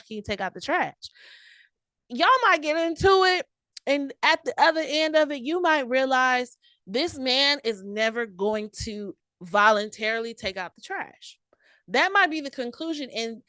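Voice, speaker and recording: A woman's voice: a little high, a bit bright, no echo. A young adult woman hosting a podcast, giving casual, direct relationship advice and calling the listener honey and baby. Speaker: podcast host.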